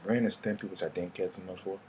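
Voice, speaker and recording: A man's voice: low-pitched, steady tone, quick pace, darkish tone, slight background noise. A young man, telling rambling, casual stories and swearing freely in a vlog. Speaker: vlogger. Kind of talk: casual storytelling monologue.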